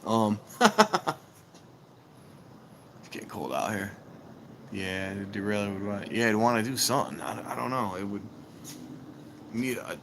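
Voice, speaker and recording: A man's voice: on the low side, expressive, measured pace, creaky, pauses often, noisy background. A middle-aged man chatting casually on a live stream, telling rambling, self-mocking stories outdoors.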